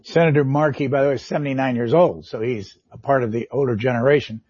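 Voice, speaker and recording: A man hosting an interview, asking brisk conversational questions. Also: mid-range voice, a little mellow, husky, no room sound. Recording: dry, dull lo-fi audio.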